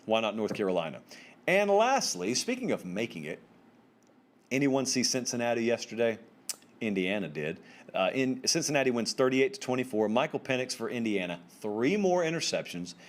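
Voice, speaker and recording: A man's voice: sing-song, normal speed. A man hosting a solo college football commentary show, talking to viewers in an emphatic, conversational way with casual slang. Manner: emphatic, conversational, pitch swings up for stress; informal slang and direct address to viewers.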